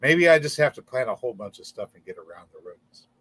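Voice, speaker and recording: A man's voice: mid-range voice, very animated, quick pace, a bit bright, breathy edge. A man hosting a casual livestream in front of a green screen, rambling and stumbling over repeated words. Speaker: channel host.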